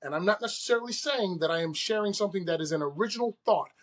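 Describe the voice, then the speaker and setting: A podcast host delivers a solo monologue, speaking directly to listeners in an earnest, conversational way and laughing off his own slip-ups. His voice sits high, with lively intonation and a fast pace.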